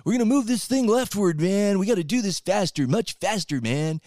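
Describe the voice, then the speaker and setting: A man voices a young male campus radical in a mocking, drawling way, pitching his voice above his own so it sits high. His delivery is expressive and warm at a moderate pace. The sound is clean studio audio with no room sound.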